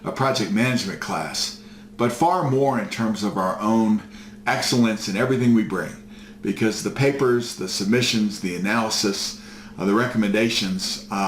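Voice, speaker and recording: A man's voice: fairly low pitch, moderate pace. A male professor giving a recorded course lecture, folksy and full of fillers as he tells stories. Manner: folksy storytelling with many fillers. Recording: echoey room, faint noise.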